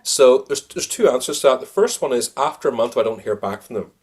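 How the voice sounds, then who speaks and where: A man being interviewed on a podcast as a sales coach. He talks in an animated way and laughs often. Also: mid-range voice, quick pace, breathy edge.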